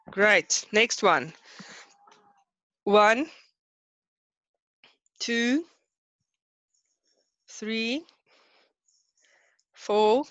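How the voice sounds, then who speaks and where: A woman with a South African accent teaching an online class, chatty and brisk, hurrying her students along. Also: mid-range voice, a bit bright, dry recording, dull audio. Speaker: Afrikaans teacher.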